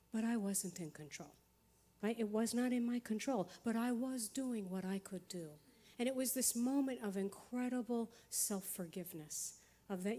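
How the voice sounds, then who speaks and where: Animated woman speaker, slightly high voice. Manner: animated storytelling, laughs often, self-mocking; rapid bursts with frequent "right?" asides. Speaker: motivational speaker. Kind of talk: inspirational talk to a live audience. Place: spiritual center hall.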